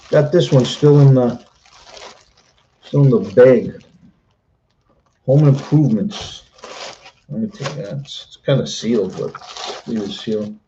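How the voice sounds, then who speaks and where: A man's voice: mid-range voice, vocal fry, mellow, muffled recording, slight background noise. A middle-aged man chatting casually on a live stream, rambling and repeating himself as he talks.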